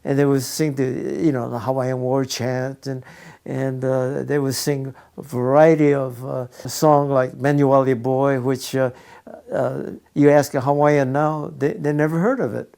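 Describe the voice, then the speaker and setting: Older man, mellow gravelly voice. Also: medium pitch, level tone, a little slow. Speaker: interviewee. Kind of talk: recounting childhood memories.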